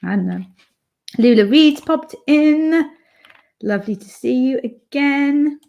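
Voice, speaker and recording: A woman's voice: high voice, expressive, slow pace, vocal fry, a little mellow, lo-fi sound. A woman from the UK hosting a live stream from home, chatting casually and reading viewer comments aloud with lots of fillers. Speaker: livestream host reading chat. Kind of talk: casual chat.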